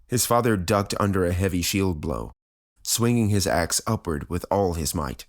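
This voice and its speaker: A man narrating an audiobook in a steady, even reading style. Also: sits low.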